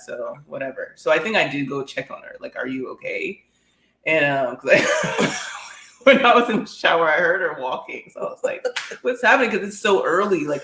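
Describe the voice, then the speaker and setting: A woman's voice: sits low, fairly bright tone. A young woman co-hosting a podcast, telling a story in a laid-back way with laughs and some swearing. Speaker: podcast co-host. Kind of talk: casual chat. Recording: echoey room.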